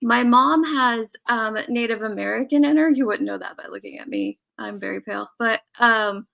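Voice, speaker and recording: Casting: woman live-stream host, Midwest-raised, higher voice with some vocal fry, chatty and giggly. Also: moderate pace, highs cut off. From Illinois. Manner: chatty, laughs often, reads out super chats. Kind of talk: casual live-stream chat.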